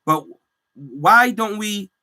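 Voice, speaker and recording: Bright-voiced man ranting on a podcast. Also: high voice, extremely slow. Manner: animated, laughing, slangy storytelling. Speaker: podcast host; healthcare worker. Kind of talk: casual solo podcast rant.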